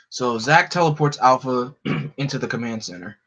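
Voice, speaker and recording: A man's voice: mid-range voice, moderate pace, sharp tone, dull audio. A man narrating a live script read, with casual, chatty asides. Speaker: script reader.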